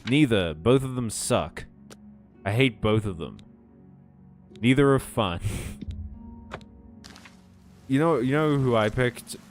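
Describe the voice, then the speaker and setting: A man casually commenting on his gameplay, chatty and jokey, laughing often and swearing now and then. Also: on the low side. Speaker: game streamer. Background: faint game music.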